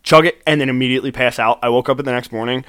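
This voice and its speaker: A young man with a mid-pitched voice, joking around with his friends and swearing casually. The recording is dry, with no room sound. He laughs easily as he trades stories. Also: steady tone, rapid-fire, a bit bright, clean tone, dry recording. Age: young adult. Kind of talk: casual chat.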